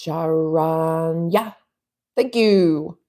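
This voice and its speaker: Brief: chatty stream host, woman, rambling and relaxed, low warm tone. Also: extremely slow. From US West Coast. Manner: rambling, chatty, laughs often. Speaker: livestream host reading chat. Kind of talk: casual live chat.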